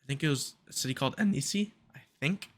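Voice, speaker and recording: A young man co-hosting a casual podcast, chatting and joking with quick asides. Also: medium pitch, expressive, slightly rough. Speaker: podcast co-host. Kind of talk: casual chat.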